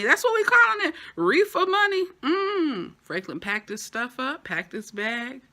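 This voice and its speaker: A TV show reviewer recaps an episode casually in a bright, forceful voice. She's lively and animated, tossing in playful asides, and her pitch leaps up whenever she gets excited.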